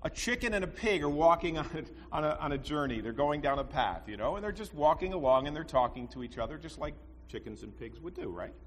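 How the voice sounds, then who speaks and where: A man preaches a sermon, telling stories in a conversational style with rhetorical asides to his listeners. His slightly rough voice is a little high, animated and a little fast, with few pauses. The recording has long reverb and faint background noise.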